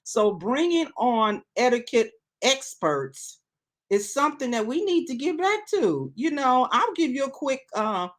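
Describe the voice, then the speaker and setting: Middle-aged woman, host of a live online talk show; casual, chatty, slightly high pitch, greets viewers as she reads their comments.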